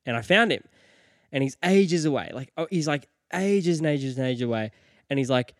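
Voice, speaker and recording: Young male podcast co-host, lively storyteller, dry close-miked sound. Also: normal speed, no echo. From Australia. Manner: animated storyteller, jumps high when acting out quotes. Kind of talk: casual chat.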